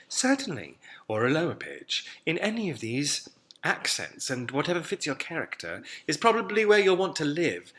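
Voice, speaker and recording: Male voice coach, bright and animated, teaches vowels by demonstration. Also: mid-range voice. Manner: demonstrates sounds, drills words. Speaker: accent coach. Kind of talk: accent lesson to camera.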